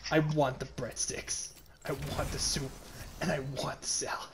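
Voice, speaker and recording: A man's voice: fairly high pitch, flat delivery, moderate pace, heavy background noise, natural voice. Man playing an unhinged obsessed dad. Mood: menacing. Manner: demanding, threatening, intense. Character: unhinged obsessive dad, middle-aged, menacing.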